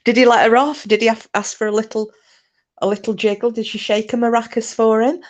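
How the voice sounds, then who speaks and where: Her voice is a little high, steady and fairly quick, though the recording sounds muffled. This British woman hosts a casual livestream, telling rambling stories and giggling her way through reading comments.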